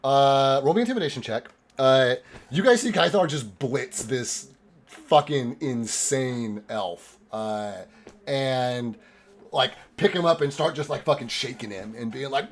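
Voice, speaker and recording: A man narrating as game master of a tabletop game, excitable and rambling, with lots of filler words. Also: medium pitch, normal speed.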